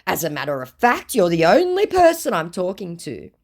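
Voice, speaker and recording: A woman's voice: on the low side, normal speed, pitched above the performer's own voice, heavily acted. A woman voicing a clingy, pleading male online scammer, whining and repeating himself as she reads his chat messages aloud. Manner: whiny, repeating "calm down, okay".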